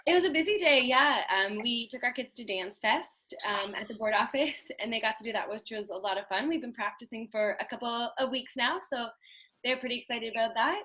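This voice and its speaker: A woman chatting casually on a group video call, friendly and quick to laugh. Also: a little high, pushed and bright. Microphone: laptop mic on a video call.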